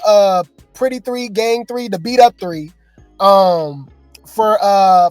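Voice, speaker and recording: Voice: mid-range voice, darkish tone, dry recording. A host giving casual, slangy reaction commentary, chatting and joking with viewers.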